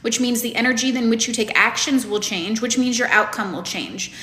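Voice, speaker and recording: A woman's voice: on the high side, a little fast, bright, forceful tone, roomy sound. A woman coach giving a lecture to her students, blunt and emphatic, with plenty of swearing. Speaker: manifestation coach.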